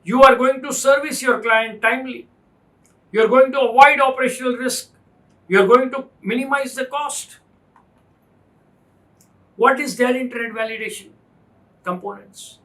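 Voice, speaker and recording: A man's voice: very high-pitched, normal speed, pauses often, a bit bright, poor audio. A man with an Indian English accent teaching a finance class, stressing points with repetition and rhetorical questions. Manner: emphatic, repeats points, asks rhetorical questions. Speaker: finance instructor. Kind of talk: classroom lecture.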